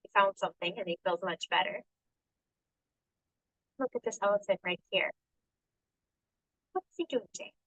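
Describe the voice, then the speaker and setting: A woman teacher reads a picture book with a class of young children, coaxing them with questions and stretching the words out slowly as she points to them. Her voice sits at a middle pitch. It is recorded dry and close, with almost no room sound. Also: bright, forceful tone, no echo, highs cut off. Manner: coaxing, calls on children by name and asks questions.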